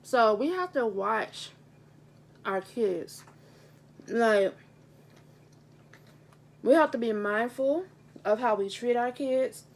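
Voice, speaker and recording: An earnest young woman talks straight to a camera at her table at home, her fairly high voice heartfelt as she circles back to the same points. She speaks as a teacher in a relaxed vlog, and the camera's own mic picks her up. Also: slow pace, pauses often. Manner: earnest, heartfelt, repeats phrases for emphasis. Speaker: teacher and vlogger. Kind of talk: casual mukbang vlog talk. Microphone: handheld camera mic.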